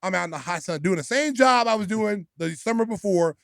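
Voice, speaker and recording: A man hosting a podcast, telling a story in a casual, animated way with loud bursts. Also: high voice, a little fast, vocal fry, no echo, clean studio sound. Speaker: podcast host.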